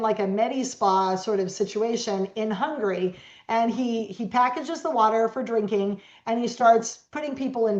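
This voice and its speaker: A middle-aged woman guest telling stories in an interview, animated and acting out the voices of the people she quotes. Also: medium pitch. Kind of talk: storytelling interview talk. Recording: echoey, dull lo-fi sound.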